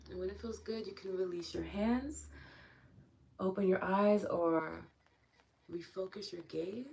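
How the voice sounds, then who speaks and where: A woman host who guides an EFT tapping session and then chats with her livestream viewers, thanking them one by one with open affection. She talks softly while guiding and more freely afterward. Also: medium pitch, takes it slowly, creaky, long pauses, slight background noise. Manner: soft and hushed while guiding.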